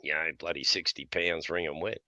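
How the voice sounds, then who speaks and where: A man's voice: very deep voice, fairly even intonation, fairly quick, sharp tone, dry recording, highs cut off. A middle-aged man telling blunt, profane stories in casual chat, often laughing between lines. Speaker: podcast host.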